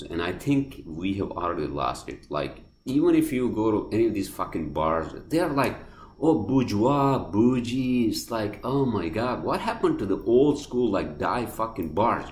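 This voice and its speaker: A man with a non-native accent rants on his podcast, cursing constantly and circling back over the same points. His voice sits low but leaps around with lively swings, and the room adds a noticeable echo. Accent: non-native accent of English. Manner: heated, profane, swears constantly, repeats himself. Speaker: podcast host. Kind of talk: casual monologue rant. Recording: roomy echoey room.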